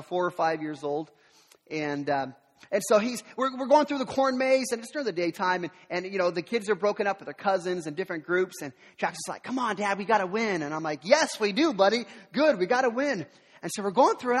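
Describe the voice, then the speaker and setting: A man in his thirties preaching a sermon, telling family stories with animated delivery and acting out the voices. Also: high voice. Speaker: pastor. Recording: reverberant hall.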